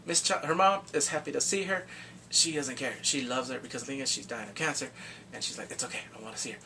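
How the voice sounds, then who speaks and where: A man casually recapping a drama's plot, animated and acting out his own reactions with whoops and exclamations. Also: medium pitch, brisk, creaky, recorded from a distance, slight background noise. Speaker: drama reviewer.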